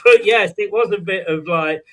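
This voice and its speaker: A man's voice: high voice, moderate pace. A man hosts a fan show in a chatty way, moving it along and handing over to his co-hosts. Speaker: show host. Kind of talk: casual podcast banter.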